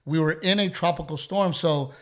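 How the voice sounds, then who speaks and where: A male podcast host telling animated stories with plenty of swearing. His voice sits high and sounds bright and forceful. He tells it in a relaxed, casual chat. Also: moderate pace. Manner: animated, profane, acts out quotes.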